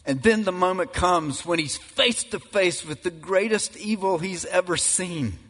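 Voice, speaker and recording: A man preaching in a slow, deliberate way, his voice pitched a little high for a man. He is emphatic and builds to loud climaxes. A long reverb trails every phrase. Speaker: pastor. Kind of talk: sermon. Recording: reverberant hall.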